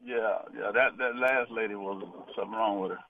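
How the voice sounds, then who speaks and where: A male caller from Florida, speaking haltingly and repeating words. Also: fairly low pitch, fairly even intonation, no echo. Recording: phone line.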